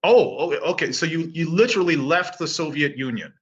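Husky, lively man on a dull line. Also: a little high, brisk. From Canada. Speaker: interview guest. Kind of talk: casual interview chat.

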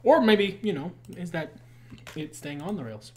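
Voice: mid-range voice, lively intonation, moderate pace, a little mellow. A podcast co-host with a mid-range voice that rises and falls freely. The talk is casual, dotted with dry, blunt asides. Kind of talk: casual chat about movies.

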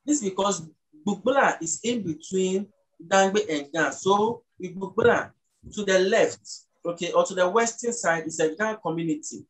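A speaker from Ghana, patiently explaining the language as an interview guest and slowing down to sound out words. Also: mid-range voice, low-quality recording. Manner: teacherly, slows down to sound out words.

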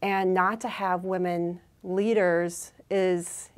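A woman being interviewed as a business executive, telling stories in a lively conversational way, often restarting and adding fillers. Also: lowish voice, slow. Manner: animated, acts out quoted dialogue, many fillers and restarts. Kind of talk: conversational storytelling.

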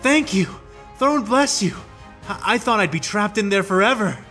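A man's voice: extremely high pitch, expressive, takes it slowly, a bit bright, soft background music, pitched above the performer's own voice, full character voice. A man voicing a young injured male soldier in an audiobook reading, gasping and stammering with a cracking voice. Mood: grateful.

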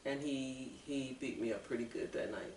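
A woman as an interview guest, telling her personal story in an earnest, halting way with restarts. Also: a bass voice, darkish tone, a little hiss or hum. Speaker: guest author. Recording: echoey room, mic far off.

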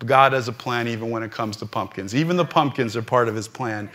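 A man preaching as a rabbi and pastor, telling a personal story during a live church service with animated, rising peaks. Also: mid-range voice, brisk, slight background noise.

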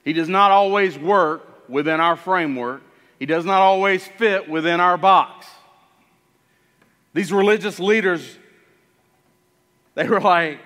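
A male pastor preaching in a church sanctuary, his voice pitched high and sounding bright and forceful. He talks in an animated way, acting out the people in the story. A long hall reverb trails his words. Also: unhurried, long pauses. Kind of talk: sermon.

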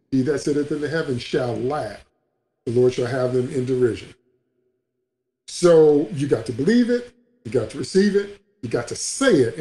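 A man's voice: fairly high pitch, darkish tone, roomy sound. A man preaching a sermon as a pastor, emphatic and repetitive, in a livestream broadcast.

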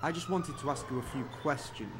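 A man's voice: medium pitch, background noise, close to an everyday voice. A man voicing a courteous police officer. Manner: courteous, measured and formal. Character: polite, calm male police officer asking questions.

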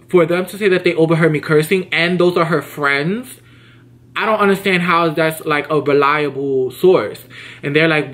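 Casual YouTuber storyteller, man in his twenties, slightly high voice, quick and expressive, acts out the dialogue. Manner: animated, quick-talking, acts out quoted dialogue.

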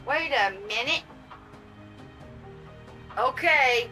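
High, bright, gushing woman. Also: measured pace, faint music behind, rough recording. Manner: gushing, excitable, talks to her audience and pets. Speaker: vlogger unboxing reborn dolls. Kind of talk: casual unboxing vlog.

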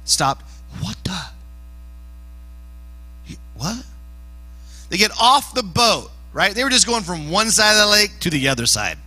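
A youth pastor preaching a loose, casual sermon at a church youth service. The man sounds animated and playful, with a high voice and a sharp, piercing brightness. He often jumps up into shouts to drive home a point. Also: fairly quick, hardly any pauses, soft background music, rough recording.

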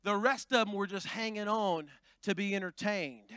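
A man pastor preaching a Pentecostal sermon, building from plain talk into shouting. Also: sits high, moderate pace, clear, resonant tone, no room sound. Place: church sanctuary.

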